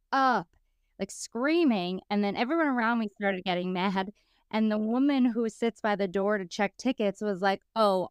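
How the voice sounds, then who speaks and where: A woman in her thirties, co-hosting a podcast, telling stories in a lively, casual way and acting out the people she quotes. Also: mid-range voice, clean tone, no echo, studio quality. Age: 30s. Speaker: podcast co-host.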